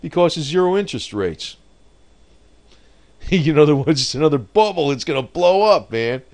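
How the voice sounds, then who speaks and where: A man's voice: on the high side, lively intonation, a little fast, a little mellow. A man giving rambling, off-the-cuff commentary on markets and the economy, often breaking into laughter at his own remarks.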